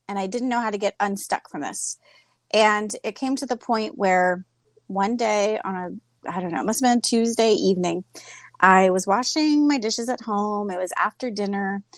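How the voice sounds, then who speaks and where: A woman in her thirties, a guest speaker, telling a personal story in a candid, animated way and speaking over a video call. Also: on the high side, dry recording. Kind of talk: personal story in a group talk.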